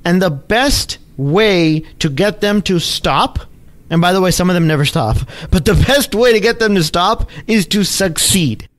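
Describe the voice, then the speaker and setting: A man hosting a podcast, telling a personal story in an emphatic, animated way with punchy exclamations. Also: sits high, unhurried. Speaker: podcast host, trading educator. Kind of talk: storytelling monologue.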